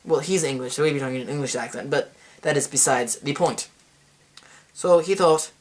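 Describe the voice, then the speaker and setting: A young man hosting a comedy history vlog, talking in a self-mocking way with quick asides and a put-on accent. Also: a little high. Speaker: host.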